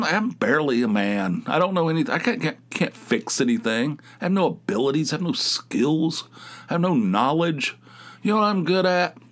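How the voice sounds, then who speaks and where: A middle-aged man hosting his podcast alone from a home studio, telling a rambling, self-mocking story in a sarcastic, casual way. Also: mid-range voice. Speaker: podcast host. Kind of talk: casual monologue.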